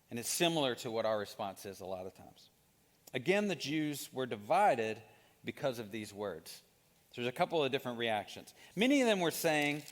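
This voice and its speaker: Animated man preaching in a reverberant hall. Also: on the high side. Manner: storytelling, animated with rising excitement. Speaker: pastor. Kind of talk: sermon.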